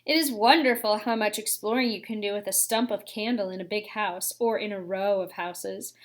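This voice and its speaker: A woman reading a children's novel aloud, with expressive phrasing and the odd casual aside. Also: medium pitch, normal speed. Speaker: narrator.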